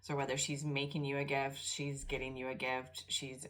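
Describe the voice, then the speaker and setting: A middle-aged woman giving a casual tarot reading, emotional and close to tears, talking in a soft, rambling way. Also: very deep voice, completely flat delivery, moderate pace. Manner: emotional, tearful and soft-spoken. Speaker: tarot reader.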